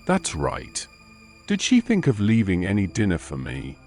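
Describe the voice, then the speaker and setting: A man voicing a sullen, furious drunken father who barks at his son in gruff, bullying shouts. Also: low voice, wildly swooping pitch, a little slow, faint music behind, full character voice. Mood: angry.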